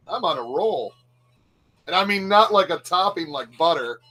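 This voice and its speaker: Bright-voiced jokey male game streamer. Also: high voice, animated, normal speed, soft background music, poor audio. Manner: jokey, self-mocking, laughs often. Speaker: livestream host playing retro games. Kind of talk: casual gaming chat with commentary.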